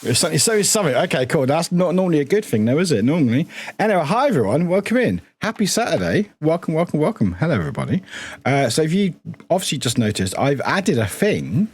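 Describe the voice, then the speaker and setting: A man's voice: on the high side, sing-song, fast, slightly rough. A young British man chatting casually on a live stream, scattered and swearing, with lots of restarts.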